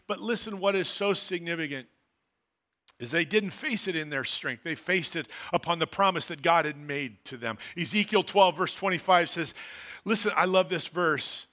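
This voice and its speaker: A man, a pastor, preaching a sermon in a church, swinging from loud declarations to quiet, low asides. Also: normal speed. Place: church hall.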